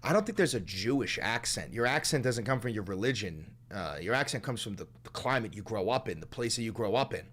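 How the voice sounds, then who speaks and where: A man's voice: fairly low pitch, expressive, fairly quick, few pauses, fairly bright tone. A man streaming live and reacting to a clip, ranting bluntly with lots of swearing and wild theories. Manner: blunt, swearing, conspiratorial rants. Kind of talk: profane live-stream commentary.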